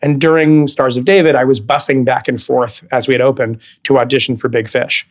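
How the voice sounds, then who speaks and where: A man in his thirties, a podcast guest, telling career stories in a lively, animated way. He laughs easily and slips into the voices of the people he quotes, with a mid-range voice. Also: mid-range voice, brisk. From California. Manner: animated storyteller, laughs often, acts out quoted dialogue. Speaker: guest, Broadway actor. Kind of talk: casual interview chat.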